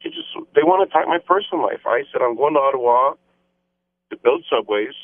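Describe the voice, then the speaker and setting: Male mayor phoning in, emphatic, repetitive, thin phone-line sound, mid-pitched. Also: lively intonation, brisk. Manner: emphatic, repetitive campaign talking points. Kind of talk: radio phone interview. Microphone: telephone.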